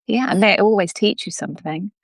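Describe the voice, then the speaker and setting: A woman speaking calmly and reflectively in a casual chat on a video call. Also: medium pitch, a little fast, vocal fry, no room sound. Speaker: co-host.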